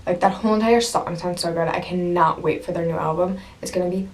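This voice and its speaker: Talking quickly in a low-ish voice, a young woman excitedly tells a story to camera at home. She gushes breathlessly, breaks into laughter and now and then falls to a whisper.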